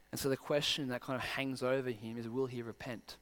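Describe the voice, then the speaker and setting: A man's voice: mid-range voice, flat delivery, moderate pace, clean tone, big-room sound. A man preaching a sermon, pressing his listeners with pointed rhetorical questions.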